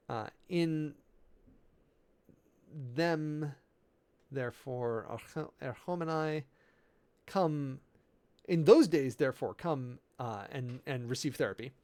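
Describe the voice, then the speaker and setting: Speaking in a mid-range, somewhat dark voice, a preacher muddles through sermon prep, weighing Greek words amid fillers and frequent self-corrections. The details seem to amuse him.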